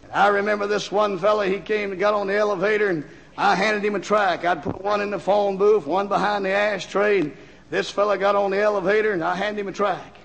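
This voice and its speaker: Male preacher, high gravelly voice, storytelling sermon that swells to shouts, old LP with long hall reverb. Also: fairly even intonation, a little fast. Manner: storytelling, rising to shouts at climaxes. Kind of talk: revival sermon.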